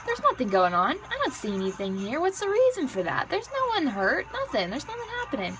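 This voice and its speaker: A woman's voice: high voice, wildly swooping pitch, brisk, fairly bright tone, heavily acted. A woman interpreting a story aloud, voicing a man who scoffs at a request for help. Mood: scoffing. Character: dismissive man brushing off a request.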